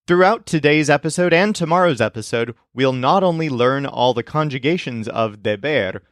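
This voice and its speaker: A man teaching a language lesson, explaining grammar in a clear, scripted way and giving English sentences to translate. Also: mid-range voice, dry recording, studio quality. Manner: slow, clear explanatory delivery.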